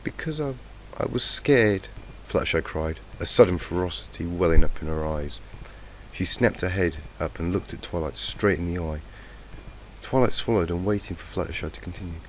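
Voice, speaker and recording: A man's voice: low voice, steady tone, brisk. A man with a cold reading a fanfic aloud in a plain, lightly emotive way on a faulty home mic. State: has a cold, croaky. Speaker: fanfiction reader. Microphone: cheap faulty home mic. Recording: noisy lo-fi mic.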